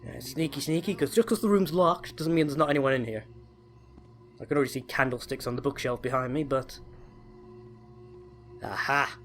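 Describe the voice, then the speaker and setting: A man chats his way through a stealth game, eager and rambling, often correcting himself mid-sentence. His pitch sits in an ordinary middle range. Faint music plays quietly underneath. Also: brisk, long pauses. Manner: chatty, enthusiastic, self-correcting. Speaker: let's play host. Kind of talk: casual gameplay commentary.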